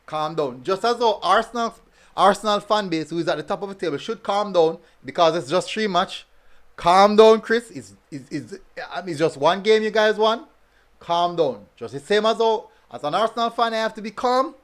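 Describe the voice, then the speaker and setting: A man's voice: high-pitched, expressive, normal speed, fairly bright tone. A man hosting a casual football review stream, reading chat comments and talking in a chatty way, full of fillers and repeated phrases.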